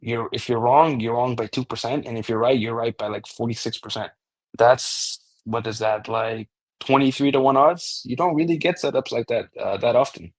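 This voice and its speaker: A man's voice: mid-range voice, normal speed. A man giving a casual chart analysis as a crypto trading analyst, talking loosely with frequent restarts and the odd swear word.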